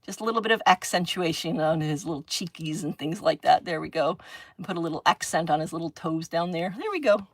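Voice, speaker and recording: A woman's voice: deep voice, expressive, brisk, no room sound. A woman chatting casually on a live stream while she crafts, thinking aloud, giggling and answering comments from her chat.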